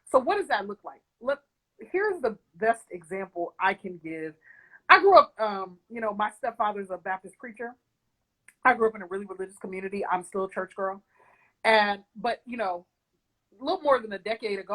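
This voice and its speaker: A woman speaking as a guest in a live video chat, animated and emphatic, often laughing and acting out quotes. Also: mid-range voice, a little fast, low-quality recording. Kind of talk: casual live-stream conversation.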